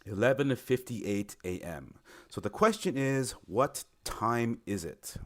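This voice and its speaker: A man's voice: medium pitch, lively intonation, takes it slowly. A young man giving an informal explainer video, friendly and encouraging, lifting his voice on key words. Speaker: recruiter explaining teaching in China.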